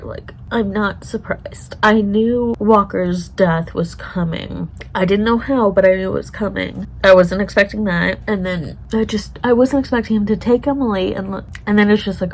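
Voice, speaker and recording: A woman's voice: medium pitch, unhurried, slight background noise, rough recording. A woman vlogger reacting to a TV show in casual chat, emotional and swearing often as she talks to herself.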